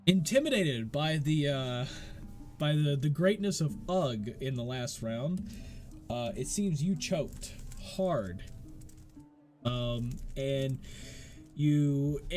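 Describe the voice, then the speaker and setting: A man's voice: a little high, darkish tone. Rambling man game master. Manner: casual, rambling with many fillers. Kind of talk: narrating a tabletop game.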